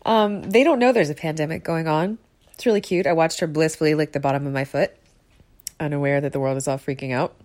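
A woman with a slightly low voice talks casually to her listeners from her bed, close to the mic. She rambles, teases herself, and laughs easily. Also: fast talker, darkish tone. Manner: rambling, self-deprecating, laughs often. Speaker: comfort audio creator. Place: bedroom, on her bed with her dogs.

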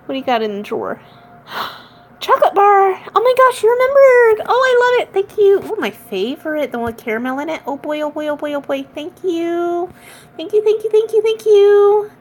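A woman's voice: high-pitched, normal speed, dark tone, a little hiss or hum, natural voice. A young woman playing an affectionate, playful catgirl in an intimate audio role-play, giggling, teasing and meowing between lines. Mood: delighted.

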